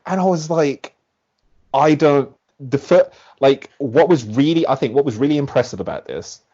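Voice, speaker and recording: Man, podcast guest, animated rambling delivery, mid pitch, muffled lo-fi audio. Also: normal speed, husky. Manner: animated, rambling, heavy use of "like". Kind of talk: casual chat.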